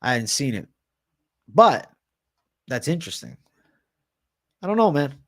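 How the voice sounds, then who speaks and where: A man's voice: mid-range voice, very animated, a little slow. A man hosting a livestream, casually answering chat with slang and frequent swearing. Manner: profane, slangy, reads and answers chat comments.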